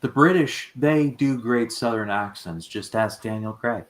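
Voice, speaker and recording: A man's voice: medium pitch, a little slow. A man in casual chat at a watch party, teasing and stubborn in his opinions.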